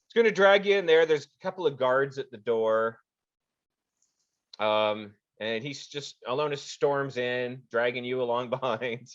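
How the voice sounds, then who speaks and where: A man narrating as game master of a tabletop game, animated with frequent restarts, in a dull lo-fi recording. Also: medium pitch, unhurried.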